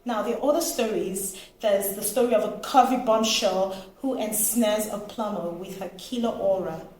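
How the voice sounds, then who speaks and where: A woman from Nigeria giving a casual, animated book review, laughing now and then. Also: mid-range voice, moderate pace. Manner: animated, expressive, laughs often. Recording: echoey room, faint noise.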